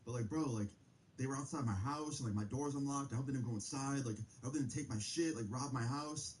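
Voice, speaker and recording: A man's voice: medium pitch, fast talker, darkish tone, far from the mic, slight background noise, close to an everyday voice. A young man quoting a nervous young male friend in trouble, in casual slangy speech.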